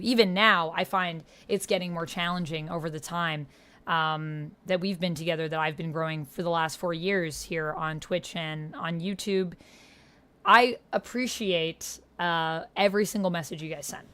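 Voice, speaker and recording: A woman's voice: fairly low pitch, a bit bright, clear, resonant tone. A young woman streamer chatting casually with her viewers and reading their messages aloud. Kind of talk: casual livestream chat.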